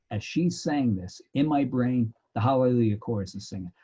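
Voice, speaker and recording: Animated male sociology lecturer, dull recording. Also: mid-range voice, normal speed, few pauses, slightly rough. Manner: animated storyteller, bursts into loud laughter. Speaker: sociology instructor. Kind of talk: lecture with anecdotes.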